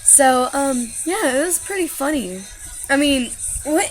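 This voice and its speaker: Woman, vlogger, fairly high voice, chatty storytelling, laughing asides, faint music behind. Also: lively intonation, unhurried. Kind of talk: casual storytelling to camera.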